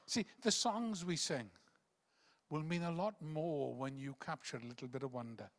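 A man preaching a rambling sermon that swings between loud emphatic bursts and hushed quiet passages. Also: a little high, normal speed. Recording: long reverb of a large hall.

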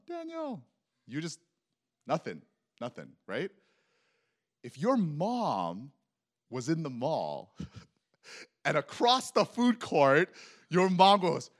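A man in his thirties, a pastor, preaching a sermon with animated storytelling and acting out bits of dialogue. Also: medium pitch. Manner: animated storytelling, acts out dialogue, laughs at own jokes.

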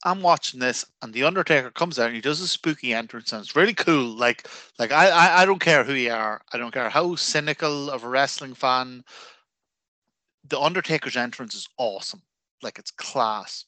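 Irish male podcast co-host, bright voice, cheeky and animated, dry close mic. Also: mid-range voice, moderate pace, no echo. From Ireland. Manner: animated, crude joking. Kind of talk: casual chat.

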